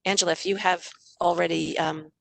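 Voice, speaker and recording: A woman's voice: on the low side, fairly even intonation, brisk, gravelly. A middle-aged woman giving a parenting talk over a video call, chatty, often acting out what parents and kids say. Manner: warm, conversational, acts out parent and child lines. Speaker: parenting author and workshop speaker.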